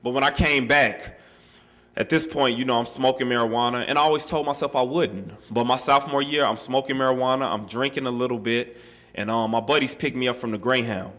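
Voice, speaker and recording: Speaking fairly quickly in a medium-pitched voice, a man recounts his personal story for a workshop audience. He talks in a relaxed, street-style manner, saying "man" and "you know" a lot, and brings the quotes to life by acting out the voices.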